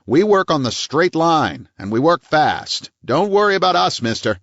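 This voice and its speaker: A man's voice: a little high, big pitch swings, moderate pace, a bit bright, no room sound, dull audio, pitched above the performer's own voice. A man voicing a hard, bullying small-town police chief who snaps his questions.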